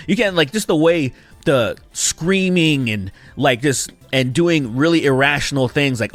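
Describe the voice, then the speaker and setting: A man giving a casual spoken game review, animated and exasperated, with mocking asides. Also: mid-range voice, dry recording. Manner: animated and exasperated, mocking characters with quick impressions.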